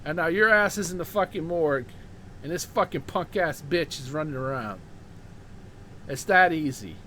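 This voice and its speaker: A man's voice: on the high side, expressive, moderate pace, pushed and bright, slight background noise. A man hosting his own show, delivering a heated, profane ranting monologue and repeating words when worked up. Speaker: show host.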